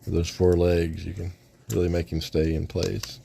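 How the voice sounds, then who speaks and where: A man casually reviewing an action figure, rambling in a relaxed way with frequent restarts. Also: sits low, moderate pace, creaky, breathy edge. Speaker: toy reviewer.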